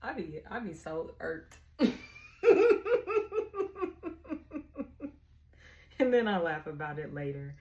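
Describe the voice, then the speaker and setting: A woman's voice: sits low, lively intonation, normal speed, hardly any pauses, muffled recording. A woman giving a casual tarot reading in a frank, slangy way, laughing often. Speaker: tarot reader.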